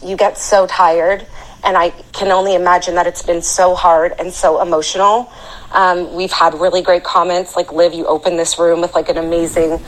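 A woman's voice: on the low side, rough recording. A woman speaking on a live audio panel, earnest and heartfelt, often repeating words as she gets emotional.

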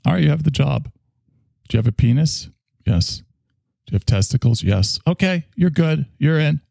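A brisk, matter-of-fact casting director, played by a man in a comedy bit, his voice pushed up higher than usual. A gravelly edge stays underneath. The sound is dry and close. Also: expressive, a little mellow, no echo, exaggerated voice.

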